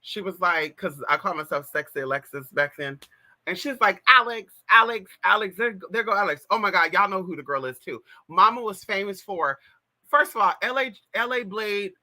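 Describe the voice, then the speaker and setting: Her pitch fairly low and her delivery expressive, pushed and bright at a moderate pace, a Californian trans woman in her thirties tells a gossipy story on a livestream. Through a plug-in mic she talks right to viewers, full of "girl" and "y'all."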